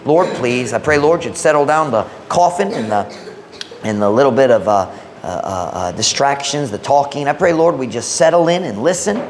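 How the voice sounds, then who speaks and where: A male pastor reading scripture, praying and preaching a sermon in a church, switching between English and Visayan with slow, emphatic phrasing. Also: mid-range voice, expressive. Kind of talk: sermon, Bible reading and prayer.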